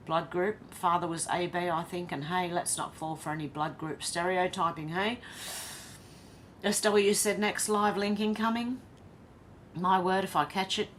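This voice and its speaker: An Australian woman with a somewhat low voice hosts a casual live stream. She reads each viewer comment aloud and then answers it in easy, chatty talk. A faint hum of noise sits behind her voice.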